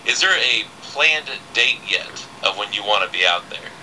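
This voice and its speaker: A man's voice: lowish voice, expressive, normal speed, sharp tone, a little hiss or hum, poor audio. A man hosting a casual radio interview, chatty, with many fillers and restarts. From southern United States. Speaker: radio host.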